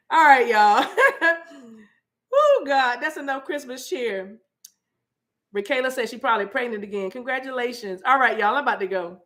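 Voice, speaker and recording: A woman with a fairly high voice chats loosely with her livestream audience. She is playful and laughs often, calling out viewers by name as she winds down her spiritual show. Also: expressive, unhurried, pauses often, a bit bright. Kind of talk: casual livestream chat with viewers.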